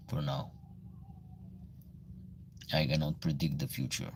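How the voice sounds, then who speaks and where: Gravelly low-voiced Albanian man. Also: fairly bright tone, slight background noise. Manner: reads viewer comments aloud and answers in halting, broken English. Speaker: livestream host answering viewer questions. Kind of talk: casual livestream Q&A.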